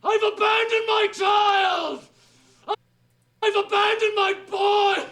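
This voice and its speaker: A man's voice: flat delivery, slow pace, full character voice. A man shrieking as a panicked wailing parent. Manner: high wailing shout. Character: shrieking panicked parent who lost his child.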